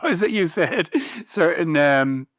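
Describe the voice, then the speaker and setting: A man's voice: on the high side, animated, a little slow, fairly bright tone, no echo. A man co-hosting a podcast in casual chat, amused and often laughing as he teases his co-host with questions.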